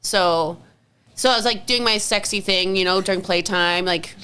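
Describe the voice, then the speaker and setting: A young adult woman co-hosting a podcast, telling animated stories in casual chat and swearing freely. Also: medium pitch, moderate pace, clean tone. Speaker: podcast co-host.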